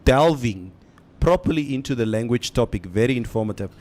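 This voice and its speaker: A man's voice: mid-range voice, expressive, a little fast, darkish tone. A man in his fifties co-hosting a radio show from a studio, reading out listener comments between bursts of laughter and mixing English with Afrikaans. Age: over 50.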